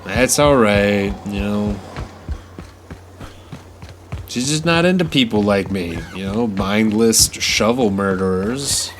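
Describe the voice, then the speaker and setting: A man streaming a video game, talking in a low, unhurried voice with wry, self-mocking asides. Game music plays clearly behind him. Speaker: gaming streamer. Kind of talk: casual let's-play commentary.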